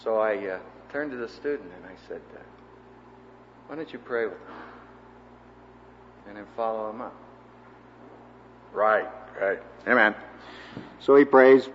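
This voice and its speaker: A man teaching a seminary class in a sermon-style lecture, an animated storyteller who acts out the people he quotes. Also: on the low side, measured pace, pauses often, in a large hall, dull audio, a little hiss or hum.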